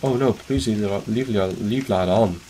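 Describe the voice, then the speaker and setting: A man doing let's play commentary on a horror game, excitable and jumpy, swearing often. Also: fairly low pitch, normal speed, a little hiss or hum. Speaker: gaming streamer.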